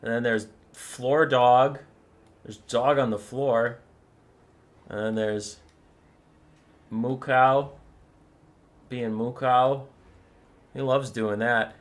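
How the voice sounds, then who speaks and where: A man's voice: medium pitch, fairly even intonation, very slow, pauses often. A young man who says he feels sick, chatting casually with viewers while he sets up a strategy game, rambling and cooing over pet photos. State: sick, stuffy. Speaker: streamer. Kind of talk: casual gameplay chat with viewers.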